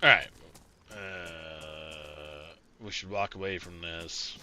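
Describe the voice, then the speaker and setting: A man's voice: deep voice, fairly even intonation, takes it slowly, bright, forceful tone, a little hiss or hum. A man streaming a survival role-play game, chatting casually and rambling with plenty of swearing and fillers. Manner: rambling and profane, many fillers and restarts. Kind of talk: casual gameplay commentary.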